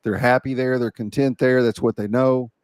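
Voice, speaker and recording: A man's voice: medium pitch, fairly even intonation, normal speed, a little mellow, clear, resonant tone, no echo. Brief: male host, casual podcast chat, dry close sound. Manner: casual, says "bro" and "dude", affirming interjections.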